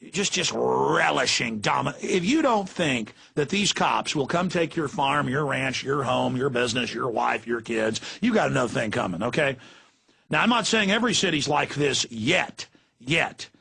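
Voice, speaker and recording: A man's voice: medium pitch, expressive, moderate pace, vocal fry, pushed and bright, breathy edge. A middle-aged man hosting political talk radio, ranting in a fiery, emphatic way. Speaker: radio talk show host.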